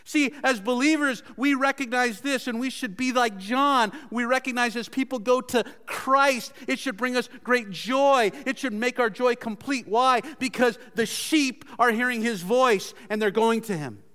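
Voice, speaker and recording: A man preaching a sermon earnestly, his pitch and loudness swinging as he repeats words for emphasis. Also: unhurried, few pauses, smooth, in a large hall. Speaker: pastor.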